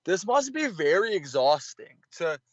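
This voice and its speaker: A man calling into a debate, answering haltingly with many restarts. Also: sits high, very animated, no echo, dull audio. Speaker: caller. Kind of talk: hesitant debate call.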